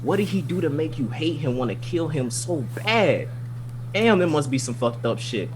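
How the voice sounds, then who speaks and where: A man co-hosting a podcast, casually recapping an anime episode in an animated, profane, rambling way. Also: fairly high pitch, normal speed, noisy background. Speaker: podcast co-host.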